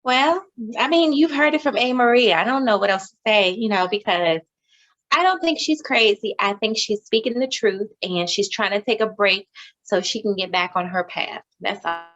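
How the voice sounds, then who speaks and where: A woman co-hosting a casual chat show, measured and reasoning, often putting questions to her partner. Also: medium pitch, fairly bright tone, muffled recording. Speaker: podcast co-host.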